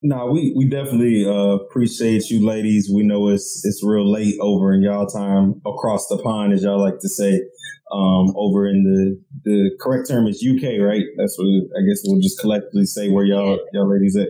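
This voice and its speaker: An American man co-hosting a podcast, easygoing and relaxed. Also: fairly low pitch, normal speed, poor audio. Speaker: co-host. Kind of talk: casual podcast chat.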